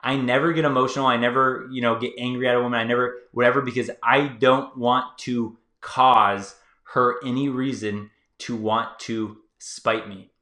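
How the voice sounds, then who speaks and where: A man's voice: medium pitch, fairly even intonation, moderate pace, hardly any pauses, pushed and bright, echoey room. A man hosting his own online channel, giving loose, conversational advice to viewers with lots of fillers. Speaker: YouTube channel host. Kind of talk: casual advice monologue to viewers.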